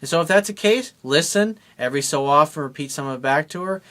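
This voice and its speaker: A man's voice: on the high side, expressive, quick pace, a bit bright. Guy coaching on dating, blunt and emphatic, talks right at you. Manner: blunt, emphatic, acts out both sides of a couple's talk. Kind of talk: direct-to-camera advice monologue.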